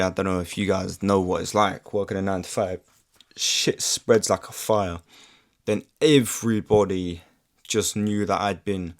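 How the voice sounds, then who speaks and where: A young man telling a story to camera in a rambling, sweary, casual way, full of "like". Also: fairly low pitch. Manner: rambling, sweary, filler-heavy with lots of "like". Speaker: vlogger. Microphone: camera mic.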